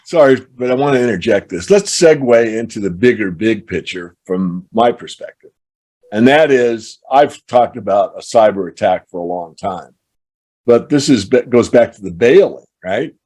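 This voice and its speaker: A man hosting a casual podcast conversation, explaining his points in long, measured run-on thoughts. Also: on the low side, lively intonation, a little mellow. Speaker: show host.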